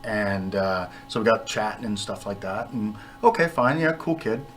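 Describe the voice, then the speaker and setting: A chatty man telling stories on a radio show with a bright, forceful voice. He is self-deprecating and laughs easily as he talks. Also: lowish voice, lively intonation, normal speed, slight background noise. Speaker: band member guest. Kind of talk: casual radio interview storytelling.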